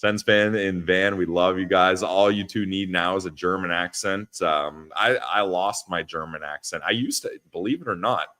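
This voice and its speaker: A man's voice: sits low, normal speed, few pauses, pushed and bright, no room sound. A young man co-hosting a casual live-streamed podcast from a friend's parents' house, laughing often and reading chat comments aloud. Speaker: podcast co-host.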